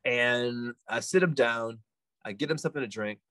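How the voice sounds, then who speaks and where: A man, a podcast guest, telling a story casually in an animated, loose way full of asides. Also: medium pitch, moderate pace, no room sound.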